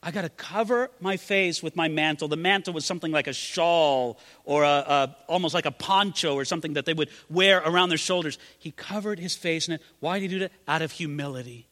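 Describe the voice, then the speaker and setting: A man's voice: a little high, a little fast, few pauses, fairly bright tone, big-room sound. A man preaching a sermon, dramatically acting out quoted prayers in a raised voice. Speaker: pastor.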